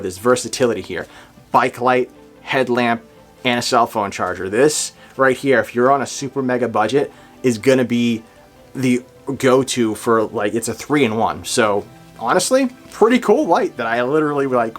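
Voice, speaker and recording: A man with a New England accent, chatting enthusiastically and folksily while he reviews a headlamp outdoors at night. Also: mid-range voice. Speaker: gear reviewer. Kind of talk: casual outdoor product review. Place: outdoors at night near woods.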